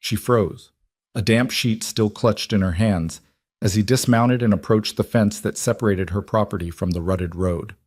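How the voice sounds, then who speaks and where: A man reading a western romance story in an even, unhurried storytelling voice. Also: lowish voice, no echo, studio quality. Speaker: narrator. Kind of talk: scripted audiobook narration.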